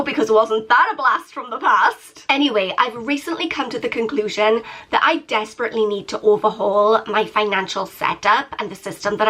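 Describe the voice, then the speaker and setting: A woman's voice: a little high, a bit bright. Chatty British woman with a stuffy nose. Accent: British English. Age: 30s. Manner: chatty, playful and self-mocking. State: sick, nasal and congested. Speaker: YouTuber. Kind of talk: casual budgeting vlog.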